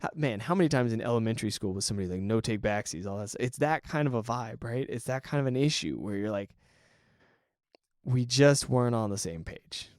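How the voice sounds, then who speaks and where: A man's voice: medium pitch, lively intonation, brisk, a little mellow, no echo. Chatty man musing on podcast, dry sound. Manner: conversational, acts out quoted voices, frequent "right?". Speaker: podcast host. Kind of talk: solo podcast commentary.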